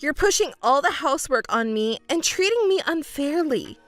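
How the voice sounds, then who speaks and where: A woman's voice: high-pitched, animated, normal speed, faint music behind. A woman voicing a young overworked fiancée who pleads and argues back defensively. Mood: pleading. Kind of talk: texting story voice acting.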